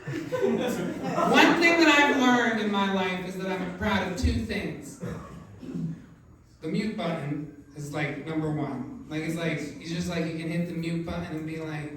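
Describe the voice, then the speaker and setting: High-voiced comedian, echoey club. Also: male voice, expressive, moderate pace. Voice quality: voice often taken for a woman's on the phone. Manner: rambling, filler-heavy delivery with sudden loud outbursts. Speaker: stand-up comedian. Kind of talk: stand-up set. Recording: echoey club, distant mic, noisy.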